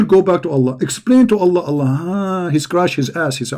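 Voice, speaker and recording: A man's voice: high-pitched, brisk, a little mellow. A man giving combative commentary, mocking and challenging his opponents in broken English. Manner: mocking, challenging, non-native grammar.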